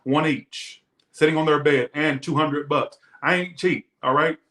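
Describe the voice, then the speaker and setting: A man's voice: on the high side, fairly even intonation, a little slow, sharp tone, reverberant. A man reading tarot who rants defensively and emphatically to his viewers in casual talk. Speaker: tarot reader.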